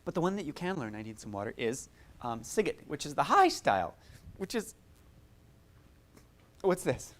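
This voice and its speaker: Low-voiced, encouraging woman workshop teacher. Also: very animated, moderate pace, pauses often. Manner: chatty, encouraging, laughs often. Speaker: music therapist leading a workshop. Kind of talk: teaching a group, demonstrating vocal harmonics.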